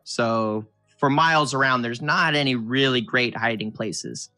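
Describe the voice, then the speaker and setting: A man's voice: medium pitch, a little slow, bright, forceful tone, no room sound, faint music behind. A man narrating a tabletop game as game master, descriptive and given to restarts.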